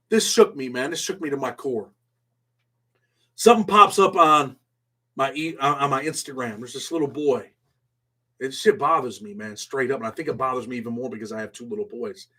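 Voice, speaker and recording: A middle-aged man hosting a casual live stream, reading chat and talking bluntly in street slang, dropping "man" after nearly every phrase. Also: breathy edge. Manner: swings from low mumbles to loud excited outbursts.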